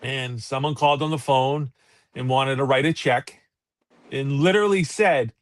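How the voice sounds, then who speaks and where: A man's voice: mid-range voice, normal speed, no room sound. Man, co-host, casual profane storyteller, close dry mic. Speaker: podcast co-host. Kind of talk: casual chat.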